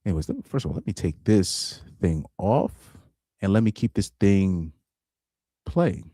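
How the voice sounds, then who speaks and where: This is a man doing casual livestream commentary. His voice is low and deep, with a villainous edge he jokes about himself. He drifts between laughs and half-finished thoughts, recorded close and dry. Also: very animated, moderate pace, warm tone, husky, no room sound. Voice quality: deep voice he calls super villain-like. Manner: laid-back, laughs often, trails off and restarts. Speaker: reaction streamer.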